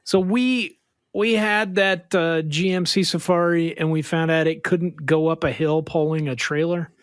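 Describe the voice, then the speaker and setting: Higher-voiced man in a dry podcast chat. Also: fairly even intonation, a little slow, clean tone, no room sound. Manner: rambling storyteller, playful silly voices. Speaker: podcast co-host.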